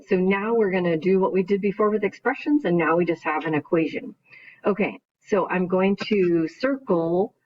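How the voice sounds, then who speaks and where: A woman math teacher giving a recorded video lesson, explaining each step in order and often checking in with "right?". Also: lowish voice. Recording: dull lo-fi recording.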